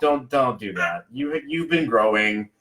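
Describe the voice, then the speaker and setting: A man hosting a podcast in a casual motivational chat, animated and fond of acting out little scenes. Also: medium pitch, a little slow, background noise. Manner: animated, acts out little scenes in other voices. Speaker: podcast host. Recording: roomy echoey sound.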